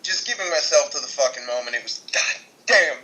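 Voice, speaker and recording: A man's voice: medium pitch, lively intonation, a little fast, sharp tone, poor audio. A young man co-hosting a casual wrestling chat, sardonic and swearing freely. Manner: profane, sardonic. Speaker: podcast co-host.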